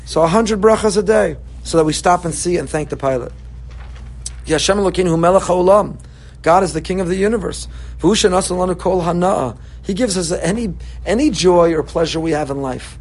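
A man's voice: high voice, a little fast, a little hiss or hum. A man giving an impassioned Torah sermon, repeating phrases for emphasis and weaving in Hebrew terms. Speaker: rabbi giving a Torah talk.

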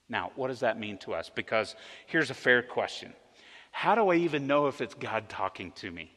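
A man preaching a sermon as pastor, telling a Bible story in a conversational, animated way. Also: medium pitch, moderate pace. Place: church sanctuary. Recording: long reverb of a church hall.

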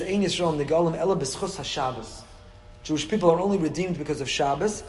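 Rabbi guy giving an animated torah class, slightly high voice, keeps asking questions, long echo off the room. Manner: asks rhetorical questions and acts out quotes from the text.

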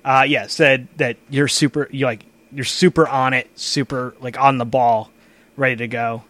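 A man's voice: mid-range voice, steady tone, moderate pace, fairly bright tone, no room sound. A man in casual chat as a game master and host, rambling with frequent restarts and casual swearing.

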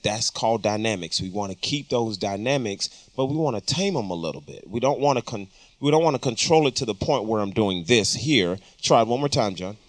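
A man with a lowish voice walks through compressor settings in a studio, talking in a loose, explanatory way with plenty of ums. The sound is close and dry. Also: expressive, fairly quick, dry recording. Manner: explanatory, casual, with frequent ums. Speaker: audio engineering instructor. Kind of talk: studio tutorial talk. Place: recording studio.

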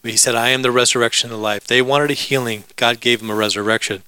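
A male pastor preaches casually and fast, blending humor with asides to the congregation. His bright, crisp voice is medium-pitched and steady, and the recording is dry, close and rough.

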